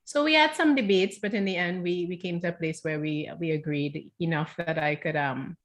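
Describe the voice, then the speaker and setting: A woman's voice: fairly low pitch, normal speed. A woman from South Trinidad with a Trinidadian accent, an author talking casually and animatedly, often restarting and repeating words. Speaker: author guest. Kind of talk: casual conversation.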